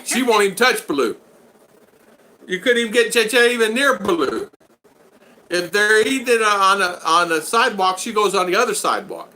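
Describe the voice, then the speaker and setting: A man's voice: high-pitched, big pitch swings, normal speed, bright, forceful tone. A man hosting a casual livestream, reading out viewer comments and rambling through jokey stories with frequent laughter. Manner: rambling, jokey, laughs often, retells stories with quoted voices. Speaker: live stream host.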